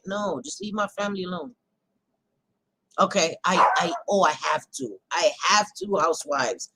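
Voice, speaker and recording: A woman hosting a casual talk show, speaking bluntly, reacting out loud and swearing freely. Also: on the low side, animated, moderate pace, slight background noise, rough recording. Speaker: host.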